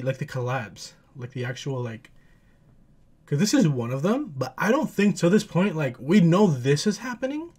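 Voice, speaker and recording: A man hosting a music video reaction, excitable and swearing freely, talking to himself and squealing when thrilled. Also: fairly high pitch. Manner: talks to himself aloud. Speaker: reaction channel host. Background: faint music video playing.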